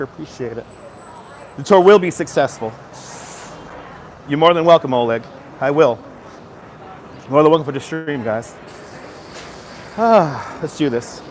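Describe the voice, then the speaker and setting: There's a slight hiss or hum as a man with a slightly high voice chats live from his phone outdoors on a city street. Upbeat, he names viewers as he greets them and gives them a motivational boost.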